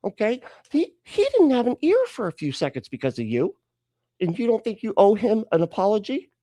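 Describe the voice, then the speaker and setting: A man doing a high, scolding Jesus. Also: big pitch swings, fairly quick, warm tone, dry recording. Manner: raised, coaxing, scolding. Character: calm scolding man Jesus, like a patient parent.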